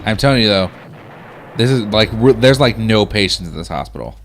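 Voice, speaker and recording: Fast-talking man bantering over a game. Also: on the low side, expressive, a little hiss or hum. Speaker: let's play co-host. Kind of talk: casual gameplay commentary.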